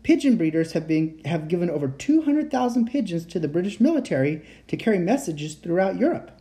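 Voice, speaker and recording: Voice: mid-range voice, sing-song, a little fast, dark tone, pitched above the performer's own voice. A reader voicing a polite teenage boy enchanter who speaks in formal, old-fashioned phrasing. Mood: earnest.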